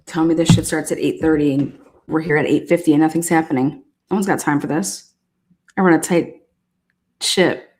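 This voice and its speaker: A woman's voice: low voice, fairly even intonation, moderate pace, pauses often, a little mellow. Sassy woman hosting a live stream. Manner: chatty, sassy, blunt, swears casually. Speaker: livestream host. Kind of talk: casual live commentary.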